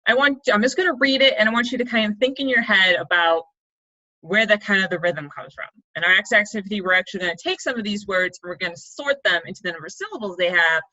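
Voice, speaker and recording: Bright-voiced woman writing coach. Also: mid-range voice, fast, muffled recording. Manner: chatty, upbeat teacher explaining step by step. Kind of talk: online writing lesson for kids.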